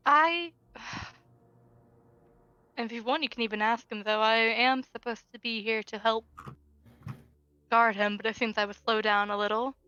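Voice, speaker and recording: A woman's voice: on the high side, fairly even intonation, unhurried, pauses often, pushed and bright, clear, resonant tone, no room sound, dull audio. A woman chatting as a player in a casual tabletop role-play, giggly and chatty.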